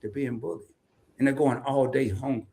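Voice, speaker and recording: A man's voice: medium pitch, moderate pace, vocal fry. A man with a Southern US accent co-hosting a live stream, chatting casually, joking and reading viewer comments aloud. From American South. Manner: animated, folksy, jokes and reads chat comments aloud.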